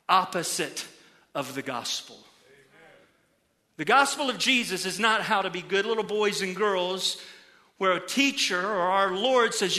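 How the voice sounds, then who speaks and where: A middle-aged male pastor giving an animated sermon in a church, moving between quiet emphasis and loud bursts. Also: sits high. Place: church auditorium.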